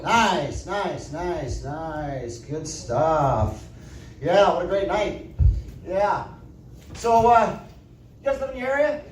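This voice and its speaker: A man performing a stand-up comedy set in a club, telling deadpan stories and tagging lines with "right?". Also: high voice, slow pace, pauses often, distant mic, a little hiss or hum. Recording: echoey club audio from afar.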